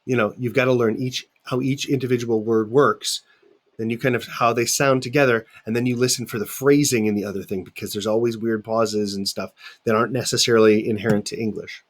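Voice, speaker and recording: A man's voice: mid-range voice, fairly even intonation, a little fast. A middle-aged man teaching in a recorded video lecture, talking conversationally and putting questions to his students.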